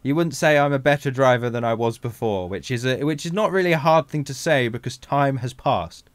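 A man's voice: mid-range voice, brisk, dry recording. A man chatting casually over gameplay as the channel's host, joking and bursting into theatrical outbursts.

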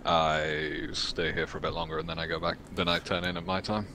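A man's voice: low-pitched, level tone, fairly quick, background noise. A man playing a tabletop role-playing game, dry and teasing in character. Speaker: player. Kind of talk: casual tabletop role-play.

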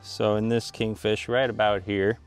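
A man hosting a fishing channel talks casually to the camera, first from a small boat and later from his dock, in a lowish voice at moderate pace with faint music behind. He yells and laughs excitedly when a fish bites, then grows calm and chatty while cooking at the dock. The camera mic later gets a wind cover.

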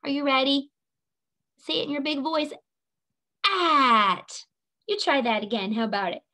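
A woman's voice: sits high, lively intonation, a little fast, fairly bright tone. A woman teaching phonics to young children, patiently sounding out letters, repeating them and cheering the listener on. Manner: encouraging, playful sing-song prompts.

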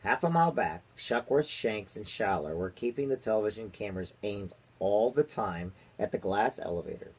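A man reading a children's book aloud to his daughter, with steady storytelling and small slips. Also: lowish voice, normal speed, few pauses, slightly rough, poor audio.

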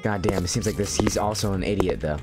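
A young man streaming a game, chatting casually and cursing freely in a lively, jumpy way. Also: sits low, fast talker, loud music behind the voice. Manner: lively, profane, yelping. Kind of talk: casual gameplay chat.

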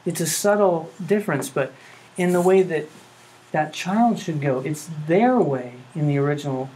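A man's voice: fairly high pitch, animated, moderate pace, a little mellow, rough recording. A man teaching a music class, talking earnestly and checking in with rhetorical questions. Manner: earnest, asks rhetorical questions, hums melodies. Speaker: music professor. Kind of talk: classroom lecture.

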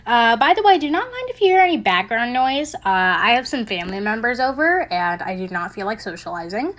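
A young woman with a fairly high voice hosts a reaction commentary from home. She rants in exasperation, lets out frequent laughs and keeps pressing her point. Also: sing-song, a little fast, fairly bright tone. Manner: exasperated, ranting, often laughing. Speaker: commentary channel host. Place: at home with family over.

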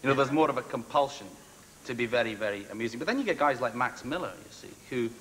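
A man, a guest impressionist, chatting animatedly on a talk show and slipping into quick mimicry. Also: mid-range voice, lively intonation, a little hiss or hum. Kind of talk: chat show banter. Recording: TV studio with reverb and loud audience.

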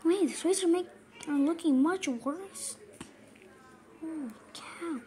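A woman voicing a squeaky, cheerful male cartoon mouse who rambles nervously while reacting to a video, breaking into frantic yelps. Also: slow, dark tone, faint music behind. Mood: panicked. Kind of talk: in-character reaction commentary.

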